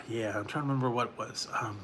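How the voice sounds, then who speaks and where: A man with a bright, forceful voice chats loosely on a late-night stream, drifting between thoughts and chuckling often. He answers viewers in the chat as he goes, over a faint hum of room ambience. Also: mid-range voice, steady tone, fast. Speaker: food reviewer hosting a live stream.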